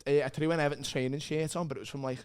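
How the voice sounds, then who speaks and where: Scouse guy comedian rambling a story, swears a lot, kinda high voice. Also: fairly even intonation, rapid-fire, smooth. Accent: Liverpool. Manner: swearing, laughing through his stories. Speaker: guest comedian. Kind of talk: casual storytelling chat.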